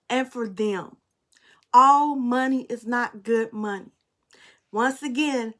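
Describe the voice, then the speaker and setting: A woman's voice: on the high side, fairly bright tone. A woman spiritual reader in a tearful, passionate monologue, blunt and preachy, speaking.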